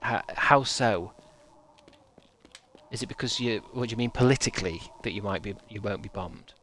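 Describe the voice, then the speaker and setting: A man's voice: on the low side, normal speed, fairly bright tone, a little hiss or hum. An English man chatting casually on a stream, rambling and joking while he reads out viewer messages. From England. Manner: rambling and jokey.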